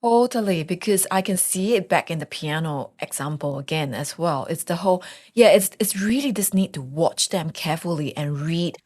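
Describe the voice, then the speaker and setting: A woman with a lowish voice jumps in to agree, keen and quick to tie the idea to her own example. She sounds like a podcast co-host in easy, casual chat. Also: lively intonation, a little mellow.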